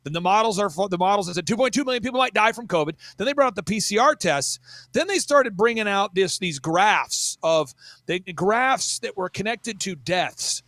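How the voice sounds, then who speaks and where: A man talking as a guest in animated, mocking storytelling, energetic and full of quick asides. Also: sits high, no echo. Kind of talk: animated storytelling in casual chat.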